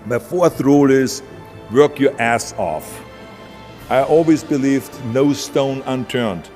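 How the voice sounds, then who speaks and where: This Austrian-accented motivational speaker talks slowly in a mid-range, slightly mellow voice, keeping his message blunt and punchy. The audio has a long hall reverb, with background music underneath.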